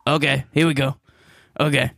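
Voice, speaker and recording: An actor playing a dream-stalking slasher as a goofy guest, rambling through improvised pitches and laughing at his own ideas. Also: level tone, moderate pace, creaky, a bit bright, no echo. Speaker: guest in character. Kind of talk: improvised comedy interview.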